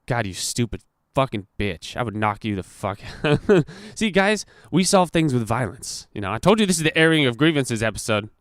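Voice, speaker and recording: A man's voice: medium pitch, normal speed, hardly any pauses, smooth, no echo. A young man hosting a podcast, casually telling a story with lots of swearing and acted-out quotes. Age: young adult. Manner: profane, animated retelling with acted-out quotes. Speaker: podcast host.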